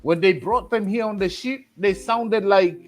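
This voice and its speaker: A man's voice: high-pitched, normal speed, soft background music. A man with a Kenyan accent, a panelist on a casual livestream, telling stories emphatically and acting out quoted dialogue.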